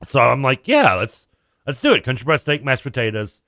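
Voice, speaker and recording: Animated, bright-voiced man telling stories. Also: mid-range voice, normal speed, no room sound, studio quality. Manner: animated storyteller, laughs often, acts out voices. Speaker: radio show co-host. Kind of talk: casual radio banter.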